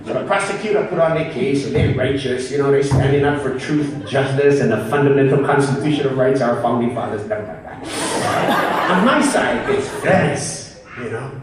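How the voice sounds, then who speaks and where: A man's voice: mid-range voice, moderate pace, crowd noise. A man with a Hawaiian Pidgin accent giving a humorous keynote speech at a conference, laughing as he mixes Pidgin with formal English. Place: large conference hall. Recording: echoey hall, mic from far off.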